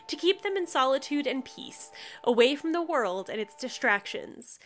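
A woman co-hosts a chatty podcast in a high, bright voice. She reads from her notes but keeps breaking into giggles and playful asides. Faint music plays behind her. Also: lively intonation, normal speed. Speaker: podcast co-host. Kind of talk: casual scripted podcast chat.

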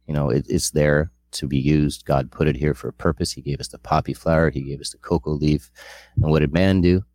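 A man's voice: a bass voice, fairly even intonation, brisk, darkish tone, dry recording. A middle-aged man sharing a candid personal testimony, earnest and rambling with frequent restarts.

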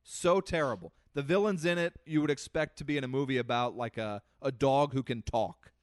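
A man co-hosting a podcast, telling a comic story in a lively, animated way that swings between loud and soft. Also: medium pitch, brisk, no room sound, studio quality. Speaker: podcast co-host. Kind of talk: casual chat, comic storytelling.

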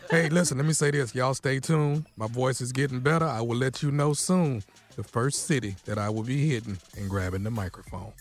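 Fast-talking radio host, playful. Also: male voice, mid-range voice, faint music behind. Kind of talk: radio show banter.

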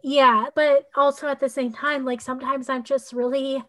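A high-pitched woman chatting as a guest coach on a podcast, her voice sitting well above the usual range for a woman. She rambles loosely through her points, leaning on "like" and "you know" to keep the thoughts flowing. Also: level tone, moderate pace, fairly bright tone. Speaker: human design coach. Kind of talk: casual podcast conversation.

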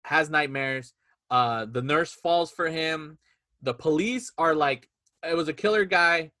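A man's voice: on the high side, a little slow. A man in casual movie chat, retelling scenes and acting out quotes in little voices. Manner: animated storyteller, acts out quotes in voices.

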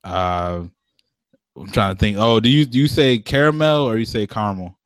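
A man's voice: fairly low pitch, moderate pace, dry recording. A man co-hosting a casual chat, talking in slang, swearing freely and laughing often.

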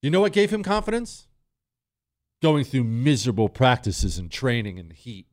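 A man's voice: medium pitch, lively intonation, moderate pace. A man hosting a talk radio show, delivering an emphatic monologue with sarcastic, mocking asides.

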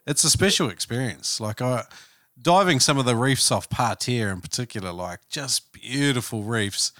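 A man's voice: medium pitch, animated, normal speed, pushed and bright, no echo, studio quality. A man hosting a podcast interview, asking questions in a hesitant, searching way with many ums and likes. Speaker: podcast host.

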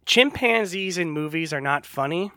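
High bright-voiced man riffing sarcastically. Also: lively intonation, moderate pace, dry recording, clean studio sound. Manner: sarcastic, laughing, mimics characters in squeaky voices. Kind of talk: casual movie review chat.

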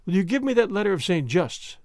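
A man's voice: sits high, very animated, brisk, darkish tone, dry recording. A desperate noblewoman begs for her brother's safety in a despairing, pleading voice, as a male narrator voices her. The line rises and falls freely in this storybook reading, heard in a dry, close space.

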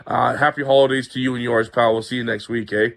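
Muffled sports radio host. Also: male voice, medium pitch, flat delivery, gravelly. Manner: friendly, brisk on-air patter with promo reads.

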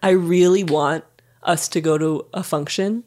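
A woman's voice: lowish voice, fairly even intonation, a little slow, a little mellow. A woman co-hosting a podcast in casual, joking chat, laughing often. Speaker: podcast co-host.

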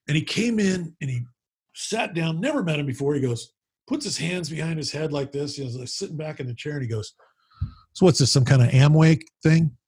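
A man being interviewed as a podcast guest, telling animated, rambling stories with frequent restarts and the odd swear. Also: fairly high pitch, a little fast, slightly rough, no room sound, clean studio sound. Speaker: podcast guest, founder of a business mastermind group. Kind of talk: casual storytelling conversation.

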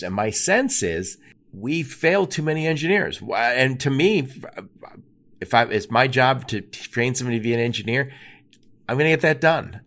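A man hosting a podcast interview, talking in an emphatic, animated way and acting out quoted asides. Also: mid-range voice. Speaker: podcast host. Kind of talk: conversational interview.

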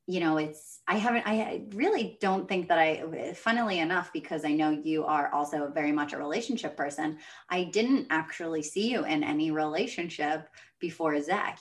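Brief: woman host, thoughtful and unhurried, notably low pitch. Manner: reflective, thoughtful, measured. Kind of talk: casual chat.

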